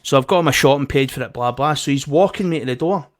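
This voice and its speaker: A man's voice: mid-range voice, fast talker. A young Scottish man telling a heated story in casual chat, swearing and acting out both sides of an argument. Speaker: podcast co-host.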